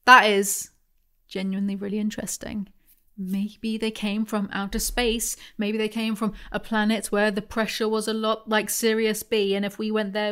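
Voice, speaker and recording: A woman's voice: a little high, fairly bright tone, clean tone. A young woman YouTuber reading from a book aloud and breaking off into sarcastic, mocking asides. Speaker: YouTube commentator.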